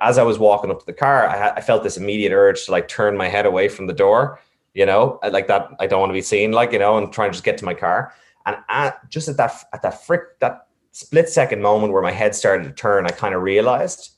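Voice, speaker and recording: Deep-voiced man telling a story. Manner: reflective, many fillers and restarts. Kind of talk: casual storytelling.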